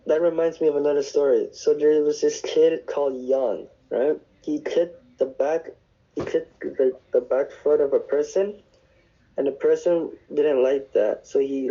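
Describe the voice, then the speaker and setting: Recorded in a dorm room on base, a young navy sailor's fairly high, dark-toned voice comes through with the highs cut off. His podcast storytelling is casual and rambling, with lots of profanity and frequent restarts.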